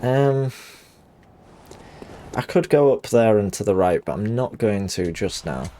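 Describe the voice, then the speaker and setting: A man's voice: on the low side, expressive, a little slow, mellow, a little hiss or hum. A man casually commenting on a game while greeting chat and laughing often. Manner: chatty, laughs easily, reads chat. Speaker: game streamer.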